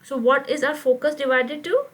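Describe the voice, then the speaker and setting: A woman's voice: high voice, moderate pace, low-quality recording. A woman teaching Quranic Arabic grammar in an online class, explaining step by step and often checking whether her students follow. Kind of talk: live online grammar lesson.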